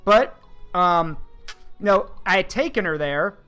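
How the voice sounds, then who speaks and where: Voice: mid-range voice, expressive, slow, a bit bright, clear, resonant tone, soft background music. A streamer host in casual chat, telling a long story with lots of fillers and restarts. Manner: rambling, filler-heavy storytelling.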